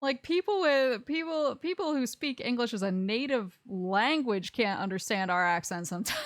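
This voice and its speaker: A woman's voice: a little high, wildly swooping pitch, moderate pace, dry recording, studio quality. A young woman from Alabama with a Southern accent, chatting casually on a game stream, rambling and laughing often. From Alabama, USA. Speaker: streamer host.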